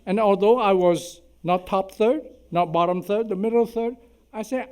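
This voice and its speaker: In a lecture hall, a surgeon in his eighties with a Chinese accent gives a symposium talk full of humorous anecdotes, chatty and self-deprecating, often tagging "okay?". His high-pitched voice is lively in intonation, unhurried, and a little mellow.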